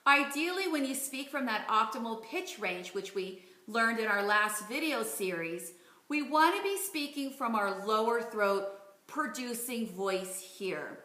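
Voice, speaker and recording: A woman in her forties teaches like a speech coach, clear and deliberate. Her voice is bright and sits a little high. The room around her rings with echo. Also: animated. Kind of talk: instructional video lesson. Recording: roomy echo.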